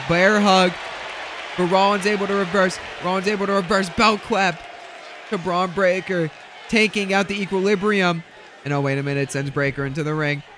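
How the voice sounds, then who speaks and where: A young man calling a wrestling match play-by-play, rapid and breathless, bursting into shouts at big moves. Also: on the high side, slight background noise. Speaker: play-by-play commentator. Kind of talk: excited wrestling play-by-play commentary.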